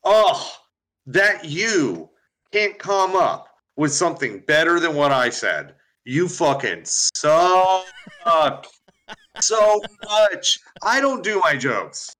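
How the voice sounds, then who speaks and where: A man's voice: on the high side, sing-song, slow pace, sharp tone. A man, a stand-up comedian guest on a podcast, rambling in casual chat, swearing and laughing.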